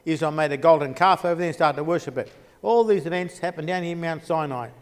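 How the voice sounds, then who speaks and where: A fairly high-voiced man teaches a Bible geography class. He rambles and restarts as he traces places on a map. The sound carries a long church-hall reverb. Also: fast talker, clear, resonant tone.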